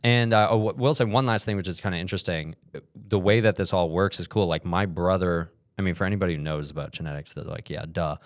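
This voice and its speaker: A young man with a very low, deep voice rambles through a casual podcast chat. The sound is dry and close, with no room around it, and now and then he bursts into loud, joking yells. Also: quick pace, dry recording. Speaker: podcast co-host.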